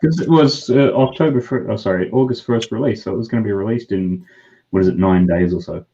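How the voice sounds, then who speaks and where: A man chatting casually on a stream call, flat and matter-of-fact. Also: lowish voice, a little fast, dull audio. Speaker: stream guest. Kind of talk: casual chat.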